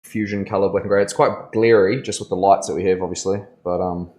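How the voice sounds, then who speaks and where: Picture a tattoo artist mid-session, talking to his live-stream audience in an easy, loose, rambling way. He is a man with a fairly low voice who throws in a lot of "bro" and laughs easily. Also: steady tone, a little fast, mellow. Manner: laid-back and rambling, calls viewers bro, laughs often. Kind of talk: casual live-stream chat while working. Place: tattoo studio.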